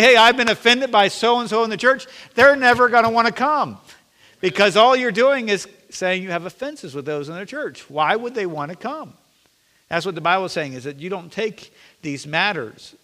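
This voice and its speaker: A man's voice: fairly high pitch, sharp tone. A male pastor preaching a sermon in a church, earnest and plain-spoken with light self-deprecating jokes. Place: church sanctuary. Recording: long reverb of a church sanctuary.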